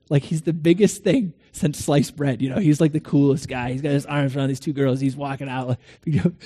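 A middle-aged man preaching a sermon, earnest, swinging between loud questions and hushed lines, telling stories with quoted dialogue. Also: on the high side. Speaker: pastor.

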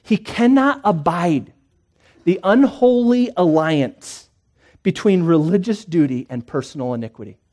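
Dramatic preacher in a mellow voice. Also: male voice, a little high. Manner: dramatic, swings between hushed and emphatic. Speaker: pastor. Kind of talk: sermon. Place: church.

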